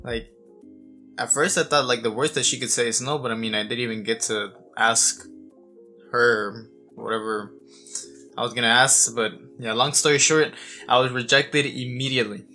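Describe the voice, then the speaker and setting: A man's voice: medium pitch, fairly even intonation, normal speed, bright, forceful tone, soft background music. A man in his twenties giving a blunt, profane monologue, stumbling over restarts. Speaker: self-improvement vlogger.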